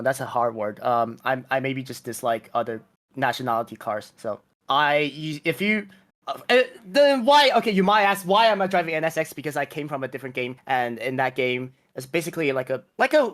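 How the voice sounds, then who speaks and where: A man in casual podcast chat, mid-pitched, who rambles through his reasons and keeps correcting himself. He laughs at his own mistakes as he goes. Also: fairly bright tone. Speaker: vtuber racing club member.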